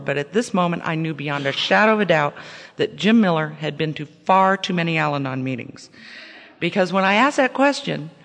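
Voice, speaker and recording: Woman telling her story in an echoing hall. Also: fairly low pitch. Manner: candid, wry storytelling with emphatic repetition. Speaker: recovery speaker sharing her story. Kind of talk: personal testimony at a recovery meeting. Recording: echoey hall with long reverb.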